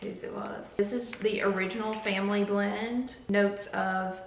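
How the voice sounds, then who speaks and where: A woman's voice: mid-range voice, fairly even intonation, measured pace, roomy sound, distant mic, slight background noise, poor audio. A young woman hosting a casual vlog, chatty and joking as she tastes coffees and drifts into tangents. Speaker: YouTuber.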